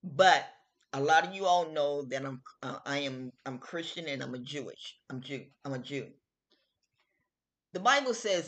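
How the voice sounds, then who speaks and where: A middle-aged woman hosting her own show, giving her opinion in a slow, emphatic, chatty way and repeating her phrases. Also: low voice, animated. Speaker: host. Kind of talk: casual opinion talk.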